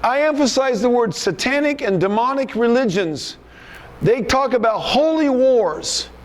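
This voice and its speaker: A male pastor preaching a sermon in an emphatic, rebuking manner, often repeating himself. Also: very high voice.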